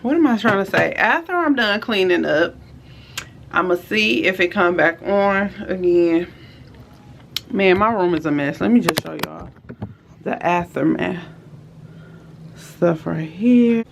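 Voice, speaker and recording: A woman's voice: on the low side, expressive, unhurried, vocal fry, long pauses, slight background noise. Chatty woman vlogger talking to y'all. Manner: chatty, addresses viewers as y'all; switches to soft whispers late at night. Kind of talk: casual vlog chat. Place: at home and in stores and car.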